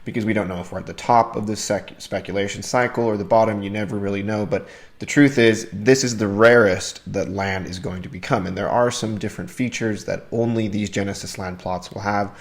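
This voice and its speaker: Fairly quick and fairly even in intonation, this lowish-voiced man runs a crypto channel and explains a subject to camera in a relaxed, enthusiastic way, addressing his audience as "you guys."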